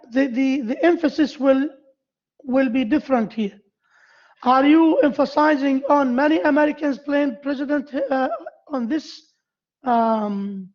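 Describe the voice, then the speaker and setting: A male university lecturer giving a grammar lesson to a class, halting and repeating himself as he quizzes his students. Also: very high voice, lo-fi sound.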